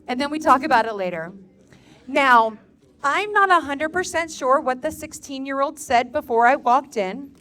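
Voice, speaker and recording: A middle-aged woman doing a live stand-up comedy set in a bar, telling sarcastic, profane stories about raising her kids. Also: on the high side.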